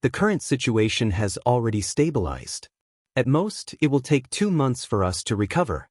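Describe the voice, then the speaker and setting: A man's voice: medium pitch, sing-song, moderate pace, a little mellow, no echo, clean studio sound. A man voicing an earnest, dutiful seventeen-year-old clan heir speaking with concern to his father.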